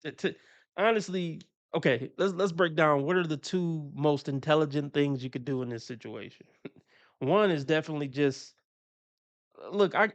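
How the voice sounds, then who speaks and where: Laid-back profane man with a gravelly voice. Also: a little high. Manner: loose, profane, laughs often, talks through his opinions. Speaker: streamer reacting to videos. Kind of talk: casual reaction commentary.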